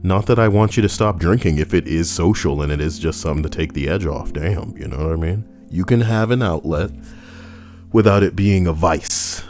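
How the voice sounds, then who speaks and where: A man's voice: low-pitched, moderate pace, darkish tone, soft background music. A young man hosting a casual commentary video, rambling, cursing and joking, and sometimes arguing with himself. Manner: rambling, profane, jokey, talks to himself. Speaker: channel host.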